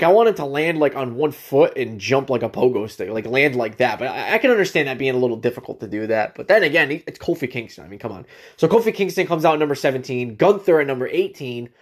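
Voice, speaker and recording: A man hosting his own podcast, recapping a wrestling event in a rambling, enthusiastic fan's way with lots of fillers. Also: mid-range voice. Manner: rambling, enthusiastic fan talk with many fillers. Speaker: podcast host.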